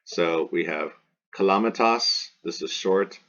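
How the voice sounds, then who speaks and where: A man's voice: low-pitched, measured pace, a little hiss or hum. A man teaching a recorded language lesson, patiently repeating terms and examples and spelling out rules step by step. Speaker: Latin teacher. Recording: dull lo-fi recording.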